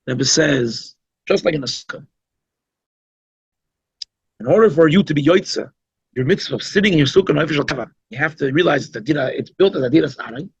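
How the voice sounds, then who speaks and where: A man's voice: a little high, lively intonation, fairly quick, long pauses, breathy edge, dry recording. A man, a rabbi, giving an informal, conversational Chassidic talk at a holiday gathering, emphatic and given to asides. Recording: dull, lo-fi recording.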